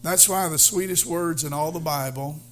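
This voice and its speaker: A male pastor preaching a sermon, halting with fillers, then building to fervent emphasis. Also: a little high, slight background noise.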